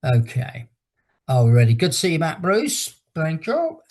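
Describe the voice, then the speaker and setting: Husky middle-aged guy teaching a workout on a video call, rambling story between countdowns. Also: on the high side, huge pitch swings, moderate pace, a little mellow. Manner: chatty and rambling, breaks off to count down exercises. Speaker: fitness instructor. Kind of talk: leading an online exercise class while telling a story.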